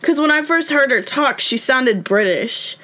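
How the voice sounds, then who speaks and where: A woman's voice: high voice, lively intonation, a little slow, bright, forceful tone. Chatty woman co-hosting a movie podcast. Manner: chatty, laughs often, trails off. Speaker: podcast co-host. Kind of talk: casual chat reviewing a movie.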